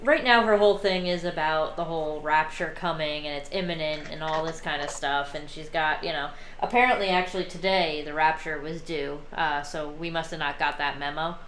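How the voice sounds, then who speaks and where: Woman host, low-ish voice, giggly, casual stream chat, roomy noisy recording. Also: fairly even intonation, fairly bright tone. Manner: laughs often, quick giggly asides. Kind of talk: casual group chat on a watch-party stream.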